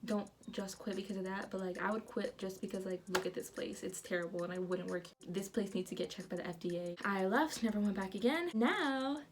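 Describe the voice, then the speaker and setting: A young woman telling a casual storytime vlog, animated and profane, acting out what people said. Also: mid-range voice, fairly quick, few pauses, background noise. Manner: animated, profane, acts out quotes. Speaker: vlogger.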